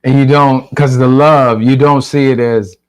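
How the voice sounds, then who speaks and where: A man's voice: medium pitch, fairly even intonation, unhurried. Man, fatherly, earnest, heartfelt church talk, searching for words. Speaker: father figure and mentor.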